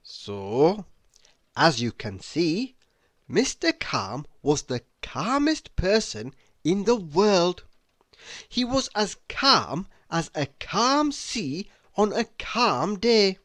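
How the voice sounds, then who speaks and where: A man reading a children's picture book aloud in a slow, expressive storytelling voice. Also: high-pitched, dry recording, clean studio sound. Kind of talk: children's read-aloud narration.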